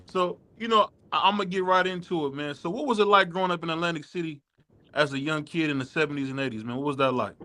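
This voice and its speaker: A man hosting a boxing podcast, loose and casual, giving shout-outs and asking questions. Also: on the high side, fast talker. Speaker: podcast host.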